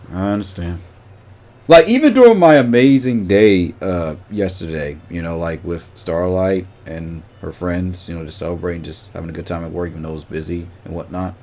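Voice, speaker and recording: A man's voice: low-pitched, darkish tone. A man chatting casually on a livestream, greeting viewers by name and rambling with lots of fillers.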